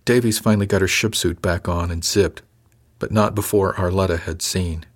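A man with a low voice reads a first-person science fiction novel aloud. His storytelling is measured and dry, paced evenly through the narration. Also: fairly even intonation. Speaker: audiobook narrator.

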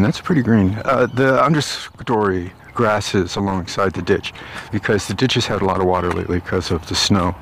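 Guy with a low gravelly voice rambling on a walk thru the park, thinking out loud, bit of outdoor noise. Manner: meandering, musing aloud with pauses and restarts. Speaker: vlogger. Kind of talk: rambling walk-and-talk monologue. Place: outdoors, walking through a park on the way home.

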